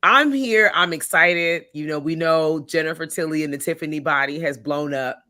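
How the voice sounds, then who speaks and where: Bright, animated woman podcast co-host. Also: low-pitched, moderate pace, dry recording. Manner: animated, swears freely, laughs a lot. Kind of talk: casual chat.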